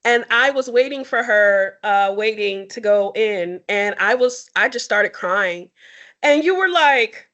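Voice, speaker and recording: A young adult woman sharing personal stories in a candid, expressive and sometimes tearful conversation. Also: medium pitch, unhurried. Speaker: podcast co-host. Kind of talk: emotional heartfelt conversation.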